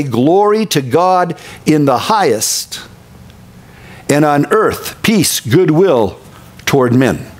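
A middle-aged male pastor from Minnesota giving a casual, folksy sermon with candid conversational asides. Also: a little high.

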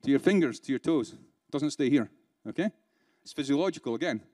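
A man's voice: mid-range voice, expressive, a little fast, mellow, dry recording. British man giving a sarcastic keynote. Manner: conversational, rhetorical questions, dry sarcasm. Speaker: keynote speaker. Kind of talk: live conference keynote. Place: conference room.

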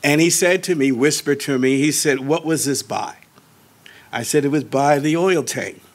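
A man in his sixties, a Baptist pastor, tells a personal testimony in an animated way, slowing down on key words and moving between soft asides and raised emphasis. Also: on the high side. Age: 60s. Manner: slows down and draws out key words.

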